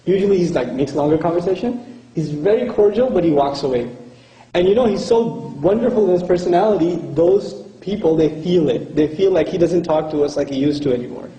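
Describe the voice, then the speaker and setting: A man giving a lecture and answering audience questions, telling stories with lively acted-out dialogue. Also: on the high side, fairly quick, dull audio. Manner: lively storytelling, acts out quoted dialogue. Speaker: speaker. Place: hall with audience. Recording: echoey hall.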